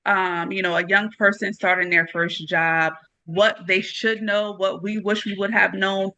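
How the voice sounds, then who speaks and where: A woman's voice: medium pitch, level tone, a little slow, sharp tone, low-quality recording. A woman author being interviewed, talking casually and animatedly, laughing as she tells stories with casual slang. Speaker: author guest.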